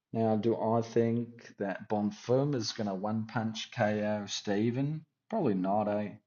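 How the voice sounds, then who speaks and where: A man talking through his fight picks in a put-on Australian accent, rambling and thinking out loud as he second-guesses himself. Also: fairly low pitch, muffled recording. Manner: rambling, thinking aloud, self-correcting. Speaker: MMA fight picks commentator. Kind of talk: casual fight-pick chat.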